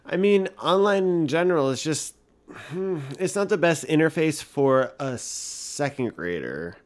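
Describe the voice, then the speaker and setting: A man's voice: on the high side, expressive, unhurried. A young man co-hosting a casual podcast, rambling with lots of fillers and casual swearing. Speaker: co-host.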